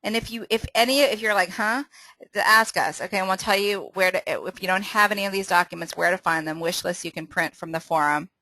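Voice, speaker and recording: Woman, upbeat trainer, laughs a lot, bright forceful voice, dry close sound. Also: lowish voice, quick pace, few pauses, no room sound, poor audio. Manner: upbeat, laughs often, restarts sentences. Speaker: sales trainer hosting a team call. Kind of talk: casual training call with quiz.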